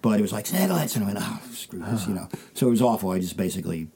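Male comedian guest from the United States, dry anecdotal delivery, low warm tone. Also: rapid-fire. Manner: dry storytelling, acts out quoted voices. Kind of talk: casual interview chat.

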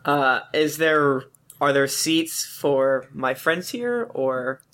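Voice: medium pitch, animated, slow pace, a bit bright. A tabletop game player talking casually and easygoing, laughing often.

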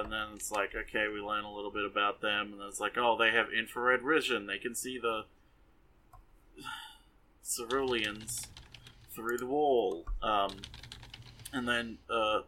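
A man's voice: medium pitch, sharp tone, rough recording. A man casually recapping an anime episode for a podcast, sarcastic and exasperated, rambling with many fillers.

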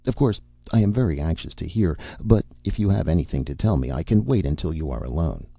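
Ghost of an old uncle, played by a male reader: deep, gravelly, soothing; slightly dull recording. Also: sing-song, brisk, no room sound, exaggerated voice. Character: ghost of an elderly uncle, calm and meddling. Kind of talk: audiobook narration.

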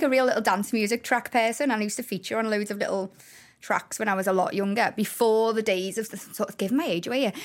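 A woman in her thirties with a Liverpool accent, a talk show guest telling stories in a lively way, laughing often and acting out what people said. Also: mid-range voice. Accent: Liverpool (Scouse). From Liverpool, England. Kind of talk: casual storytelling chat.

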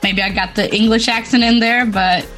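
A woman hosting a podcast interview, friendly and quick to laugh. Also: on the high side, steady tone, fairly bright tone, soft background music. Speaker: podcast host. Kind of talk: casual interview.

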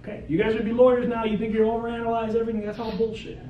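Lawyer guy lecturing realtors, blunt and animated, mic far off, faint background hum. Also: extremely high pitch, very fast, lo-fi sound. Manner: blunt, animated storytelling with frequent "okay" and "right". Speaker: real estate lawyer. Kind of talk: seminar talk to realtors. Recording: roomy, distant mic with faint ambient noise.

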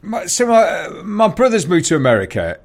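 Man, lively storyteller, slightly high, swings pitch a lot, bursts into shouted impressions. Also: normal speed. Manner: animated storyteller, shouts quoted lines and laughs mid-story. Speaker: podcast co-host. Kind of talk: casual chat.

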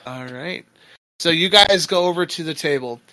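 A man's voice: a little high, moderate pace, bright, forceful tone, dry recording. A man narrating as game master of a tabletop game, describing scenes in a rambling way with fillers.

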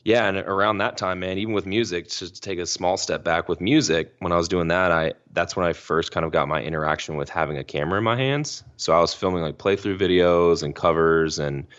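A man's voice: sits low, fairly quick, hardly any pauses, fairly bright tone, highs cut off. A young man telling a personal story on a podcast as a guest, casual and slangy, full of "like" and "you know".

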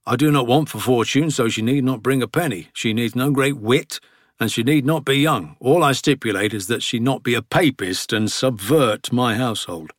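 A man's voice: medium pitch, moderate pace, no echo, clean studio sound, close to an everyday voice. A man playing a weary royal minister. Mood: dry. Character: weary middle-aged royal minister, dry and tired. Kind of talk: audiobook character reading.

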